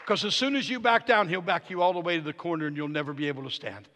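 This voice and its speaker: High, bright-voiced preacher in a reverberant church. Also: male voice, fast talker, slight background noise. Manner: swings from hushed to shouting declarations, storytelling with quoted dialogue. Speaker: guest preacher. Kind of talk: charismatic sermon. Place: church sanctuary. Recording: long hall reverb of a church.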